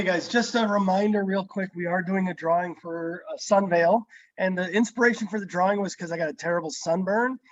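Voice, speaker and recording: A middle-aged man hosting a video call, relaxed and reflective, pausing often with "um". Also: high voice, no echo, highs cut off. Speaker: host. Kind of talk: casual chat on a video call.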